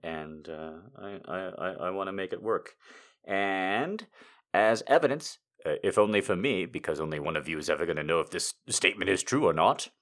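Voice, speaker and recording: A man giving his followers a casual personal update, excitable and rambling, swearing freely and restarting his sentences. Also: deep voice, normal speed. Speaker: content creator.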